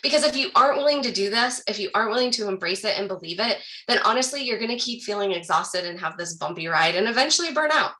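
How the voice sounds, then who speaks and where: A bright, upbeat woman with a medium-pitched voice leads a live online wellness workshop, encouraging the audience and speaking to them directly. When a guided breathing exercise begins, she slows into soft, calm guidance.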